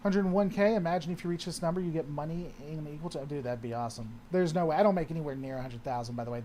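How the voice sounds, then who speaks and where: A man's voice: a little high, very fast, hardly any pauses, warm tone, faint music behind. A man hosting a casual livestream, answering chat and often trailing off and restarting his sentences.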